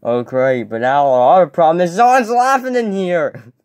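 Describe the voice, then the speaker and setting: Rowdy man for a comedy skit; swears freely, slow and bouncy, dry close sound. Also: on the high side, no room sound. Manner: rowdy, swears a lot, exasperated yelling. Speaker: skit creator voicing characters.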